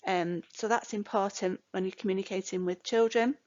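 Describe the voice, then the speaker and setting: A woman's voice: mid-range voice, steady tone, normal speed, darkish tone. An older woman teaching a care course in a recorded lecture, chatty, with many fillers and "you know" asides. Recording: dull lo-fi recording.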